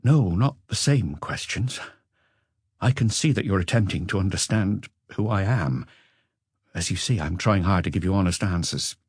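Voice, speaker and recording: A man's voice: deep voice, animated, normal speed, breathy edge, no room sound, clean studio sound. A man voicing an exhausted forty-year-old man who answers questions hesitantly and earnestly. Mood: weary.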